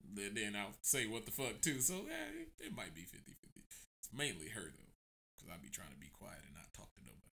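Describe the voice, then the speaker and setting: A man in his late twenties chatting casually on a podcast, swearing freely and jumping into a high pitch when he quotes people. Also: huge pitch swings, fairly quick, vocal fry, sharp tone. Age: 20s. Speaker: podcast co-host. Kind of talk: casual chat.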